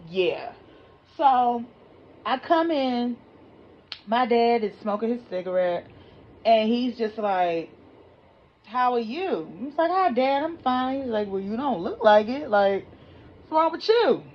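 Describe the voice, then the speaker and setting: A young woman tells a storytime to her viewers, animated and chatty, circling back over her own words. The audio is dull and muffled, recorded on a damaged phone. A faint hiss runs under it. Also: medium pitch. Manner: animated, repeats herself, addresses viewers as y'all. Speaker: vlogger telling a story. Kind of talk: casual storytime monologue.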